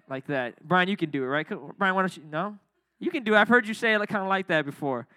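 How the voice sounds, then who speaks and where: High bright-voiced young male youth preacher. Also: quick pace, dry recording, clean studio sound. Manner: energetic, joking, talks with the crowd. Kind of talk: casual youth sermon.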